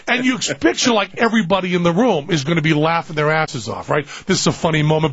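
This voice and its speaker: A gravelly, husky man telling a comic story in a loose, chatty way. He is animated and self-mocking, often laughing and jumping up in pitch. The sound is dry and a little dull. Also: a little fast, hardly any pauses, no room sound.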